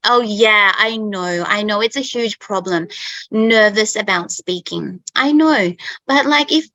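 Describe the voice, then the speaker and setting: A woman's voice: on the high side, bright, forceful tone, no echo, low-quality recording. A woman with an Australian accent chatting casually over a video call, peppering her talk with "okay" and "like". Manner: chatty, fills speech with "okay" and "like". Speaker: guest speaker for English learners. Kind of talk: casual chat, storytelling.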